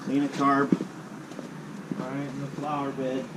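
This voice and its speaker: Casual home mechanic, man, mid-pitched, mutters and swears, noisy outdoor camera audio. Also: monotone, slow. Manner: mutters and curses while working. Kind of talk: casual how-to commentary. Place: outdoors beside a flower bed. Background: outdoor ambience and vehicle noise.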